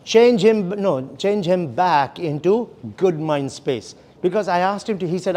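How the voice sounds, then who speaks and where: A man leads a sales training session in a classroom lecture style, explaining steps and frequently checking in with "okay?" and "right?". His voice is high, animated and mellow, unhurried, with few pauses.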